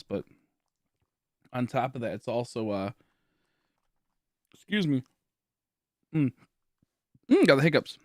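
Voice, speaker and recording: A man's voice: medium pitch, a little mellow, no room sound, studio quality. A tired young man streaming from home, chatting casually with viewers in a rambling, filler-heavy way as he thinks aloud. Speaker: game streamer. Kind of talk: casual livestream chat to viewers. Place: at home, indoors.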